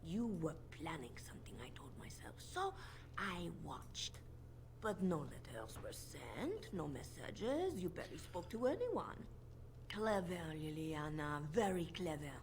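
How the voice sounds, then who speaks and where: A woman's voice: low voice, sing-song, unhurried, a little mellow, a little hiss or hum, full character voice. Purring french spy lady, condescending, swoops up and down. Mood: menacing. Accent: put-on French. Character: scheming female bard spymaster, silky and menacing. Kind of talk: video game voice acting.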